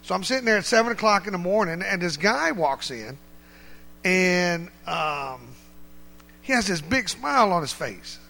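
A man telling a funny testimony story in a relaxed, colloquial way, animated and laughing often. His voice is high and bright, and he sounds excited as he speaks. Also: normal speed, vocal fry, in a large hall. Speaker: church speaker giving a testimony. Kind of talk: humorous storytelling.

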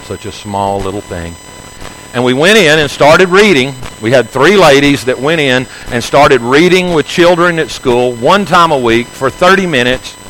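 A middle-aged man, a pastor, telling a personal story in a sermon in an earnest storytelling manner, going quiet and low at emotional moments. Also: animated, moderate pace, slight background noise, low-quality recording. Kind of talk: sermon testimony.

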